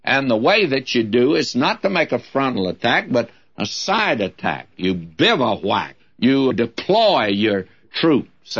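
A man teaching through a Bible epistle in an emphatic, lively preaching cadence. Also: mid-range voice. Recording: dull lo-fi broadcast recording.

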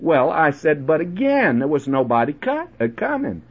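A man preaching on the radio, telling a personal story in a chatty way, with many halting restarts. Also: on the high side, big pitch swings, slightly rough. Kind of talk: folksy sermon with personal anecdote. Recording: dull lo-fi old radio recording.

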